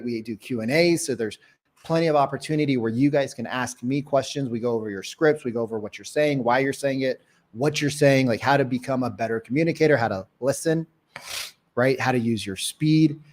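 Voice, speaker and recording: A man coaching real estate agents in a live sales training session, energetic and acting out phone calls. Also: mid-range voice. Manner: energetic, demonstrates calls in mock voices.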